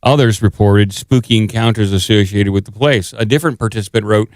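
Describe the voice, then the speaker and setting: Smooth-voiced male podcast co-host. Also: fairly low pitch, brisk, few pauses, a little mellow, dry recording. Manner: playful, reads quotes in a mock accent. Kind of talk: casual chat, reading articles aloud.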